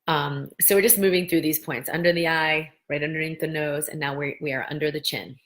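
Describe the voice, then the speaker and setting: Middle-aged woman with a low voice, gentle host leading a guided lesson, talky and slow on key phrases. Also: steady tone. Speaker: host, medical practitioner teaching tapping.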